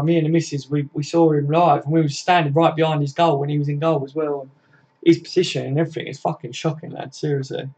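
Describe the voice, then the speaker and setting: A man's voice: a little high, darkish tone. A man, hosting a casual live stream and reading out viewer comments in a chatty, matey way, swearing freely. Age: 40s. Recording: dull lo-fi stream audio.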